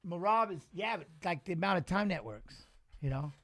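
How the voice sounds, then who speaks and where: Speaking a little fast in a high voice, a man hosts a watch-along stream live, chatting loosely, reacting with enthusiasm, and fielding questions from the chat.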